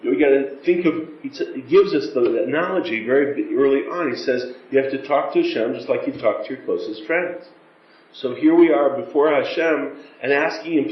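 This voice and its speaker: A man's voice: medium pitch, a little fast. A middle-aged man teaching a class on prayer, speaking earnestly and acting out pleading prayers. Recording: roomy, dull lo-fi class recording.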